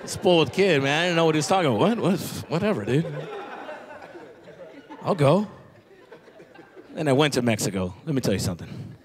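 Animated male stand-up comic before a theater crowd. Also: a little high, brisk, long pauses. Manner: animated storytelling, acting out relatives and teachers. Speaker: stand-up comedian. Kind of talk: stand-up comedy set. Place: theater stage before a live audience. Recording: live theater audience and noise.

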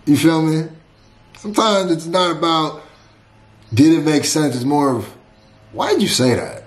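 A laid-back man talks through a reaction video, repeating lines back and musing over them. His voice sits a bit high for a man. The room around him is noticeably echoey. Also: animated, slow, long pauses, slight background noise. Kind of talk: casual reaction commentary.

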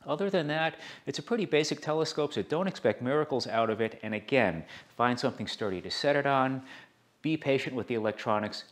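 Man, telescope reviewer, practical walkthrough, dry humor, mid-pitched voice. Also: dry recording. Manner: practical, dryly joking asides.

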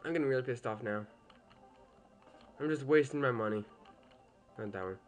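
A man's voice: mid-range voice, moderate pace, soft background music. Young man grumbling through gameplay commentary. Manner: chatty, easily annoyed, swears at the game.

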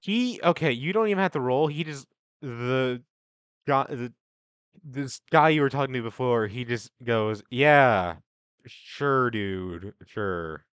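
A man's voice: mid-range voice, moderate pace, no room sound. A young man narrating as game master, casual and stumbling, briefly voicing the teachers.

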